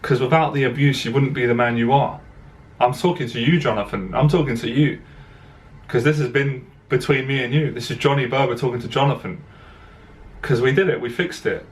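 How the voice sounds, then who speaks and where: A man's voice: mid-range voice, fairly quick. Emotional man speaking to camera. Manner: earnest, direct, repeats himself, voice catching with emotion. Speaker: dating coach. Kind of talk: emotional personal monologue to camera.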